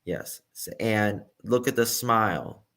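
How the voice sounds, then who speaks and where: A man's voice: on the low side, animated, takes it slowly, a bit bright. A man giving emphatic true crime reaction commentary and repeating his key points.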